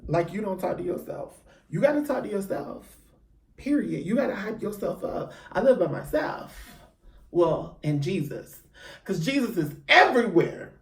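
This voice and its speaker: A man's voice: high voice, animated, normal speed, warm tone. A man talking to camera in a casual storytime vlog, chatty and theatrical, hyping himself up with lots of ums. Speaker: YouTuber. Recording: echoey room, mic at a distance.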